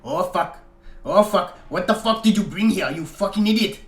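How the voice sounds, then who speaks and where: A man voicing a panicking grey-haired male vampire henchman with a Russian accent, shouting frantic curses. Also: high-pitched, animated, moderate pace, voice pushed up. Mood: panicked. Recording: echoey room, faint guitar music.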